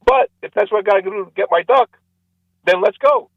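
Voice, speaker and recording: A man's voice: high voice, wildly swooping pitch, fairly quick, gravelly, no echo, narrow, tinny audio, voice pushed up, heavily acted. A man voicing a desperate male city hunter who pleads and sounds exasperated. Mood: pleading.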